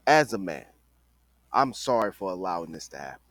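A man's voice: low-pitched, big pitch swings, fairly quick, fairly bright tone, no echo. Emphatic man talking casually, dry sound. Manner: conversational, emphatic, repeats phrases. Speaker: podcast host. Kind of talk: casual opinion monologue.

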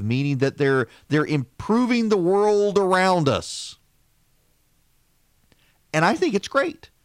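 A fairly high-pitched man hosts a political podcast in clean studio sound with no room noise. Sarcastic asides and repeated restarts run through his opinionated, conversational monologue.

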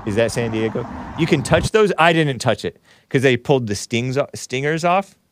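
A man's voice: mid-range voice, expressive, moderate pace, a little hiss or hum. A man hosting a call-in talk show, rambling with wry asides and frequent self-corrections. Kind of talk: casual call-in show chat.

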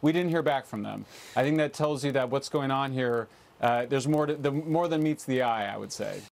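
A man's voice: medium pitch, moderate pace, gravelly, darkish tone. Earnest man as a TV guest. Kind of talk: TV interview.

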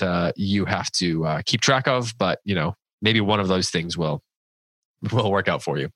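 Male podcast host, low bright voice, playful, dry close mic. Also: dry recording. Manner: playful, rambling with restarts. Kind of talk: casual podcast chat.

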